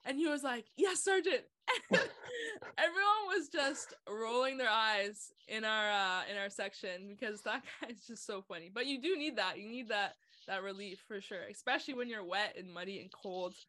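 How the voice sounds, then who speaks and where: Female podcast host, bright voice, casual chat full of laughs. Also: mid-range voice, animated, moderate pace, hardly any pauses. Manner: laughing, chatty, shares her own stories.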